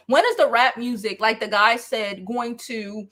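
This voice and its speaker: A woman's voice: a little high, unhurried, sharp tone. Emphatic woman ranting on her channel. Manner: emphatic, profane, exasperated ranting. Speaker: commentary vlogger. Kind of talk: reactive commentary.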